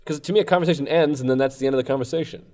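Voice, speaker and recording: A man's voice: mid-range voice, very fast, darkish tone. A man who is a comedian, talking as a guest on a podcast in a casual, rambling, self-deprecating way. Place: comedy club.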